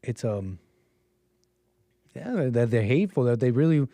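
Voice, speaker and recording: An unhurried, warm, medium-pitched man's voice with big swings in pitch hosts a casual call-in livestream while slightly sick. He rambles, chuckles, and interrupts himself, recorded near the mic with no echo.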